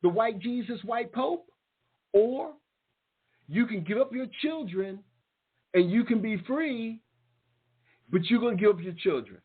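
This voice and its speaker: A man's voice: high voice, animated, unhurried, long pauses, breathy edge. A male talk show host giving a fiery, mocking monologue and repeating phrases for emphasis. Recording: tinny phone-like sound.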